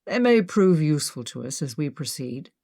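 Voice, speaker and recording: A woman voicing a commanding British man in khaki who gives calm orders. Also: low voice, moderate pace, no echo, clean studio sound, heavily acted. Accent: British, put on.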